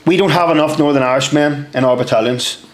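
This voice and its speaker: A man putting on a Scottish accent to play a blunt, hard little army corporal who gives short, gruff orders. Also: a little high, fast talker, close to an everyday voice. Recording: roomy echo.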